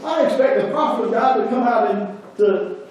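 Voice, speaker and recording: A man voicing a proud, angry foreign general who demands a grand miracle, in indignant, shrill outbursts. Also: expressive, normal speed, a little mellow, distant mic. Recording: very echoey church, voice from afar.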